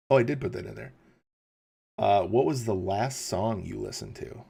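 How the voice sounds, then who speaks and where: Gravelly, husky man chatting on stream. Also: on the low side, animated, a little slow, warm tone. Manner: rambling, chuckling, reading chat questions aloud. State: tired, early morning. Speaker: livestream host. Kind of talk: casual chat with live chat.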